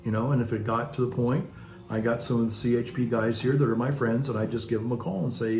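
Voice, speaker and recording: A parish priest rambles casually through his stories in a reflective monologue, restarting often and wandering into asides. His medium-pitched voice is flat, fast and darkish, and the room echoes with faint music in the background.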